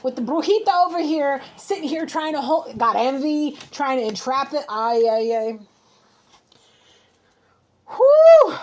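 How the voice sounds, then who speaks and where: A woman's voice: high voice, normal speed, hardly any pauses. A woman giving a heated spiritual card reading, scolding emphatically and repeating herself as she rants. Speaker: intuitive card reader.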